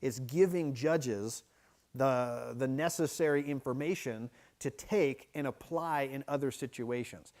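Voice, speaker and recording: A man's voice: medium pitch, unhurried, a little mellow. Man, pastor, midweek church teaching, conversational, checks in with "right?", restarts often. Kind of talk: midweek Bible teaching sermon.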